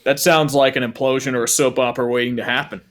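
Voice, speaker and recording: A man's voice: mid-range voice, little pitch movement, quick pace, a bit bright. Analytical male sports co-host. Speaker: sports talk stream co-host. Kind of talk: casual sports chat and score updates.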